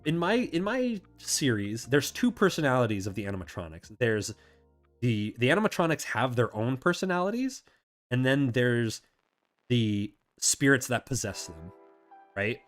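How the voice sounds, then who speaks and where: A man's voice: mid-range voice, very animated, normal speed, soft background music. A man hosting a casual chat, answering viewer questions in a rambling, self-correcting way and laughing often.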